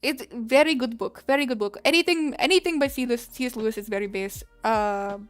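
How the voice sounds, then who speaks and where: A woman streamer putting on a deliberately bad Russian accent as a character from the mountains, speaking in broken grammar. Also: a little high, smooth, no echo, soft background music, lightly acted. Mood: earnest. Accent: put-on bad Russian accent. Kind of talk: streamer reading chat in character.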